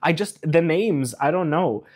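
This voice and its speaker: A man in an excited spoiler rant reviewing a TV episode, animated, rushing ahead and getting emotional along the way. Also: on the high side. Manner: animated, rushes and trails off, emotional asides. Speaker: YouTube reviewer.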